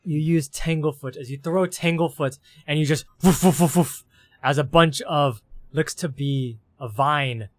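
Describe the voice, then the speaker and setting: In a slightly high voice, a little slow yet with hardly any pauses and no room sound, a game master narrates his tabletop role-playing scene. He chains long run-on sentences together using "as".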